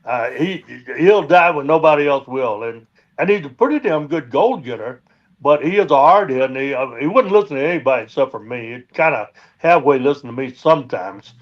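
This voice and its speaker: A man's voice: fairly high pitch, animated. Rambling man on dull lo-fi audio. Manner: rambling, drawn-out with fillers. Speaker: guest, dredge boat owner. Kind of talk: casual storytelling.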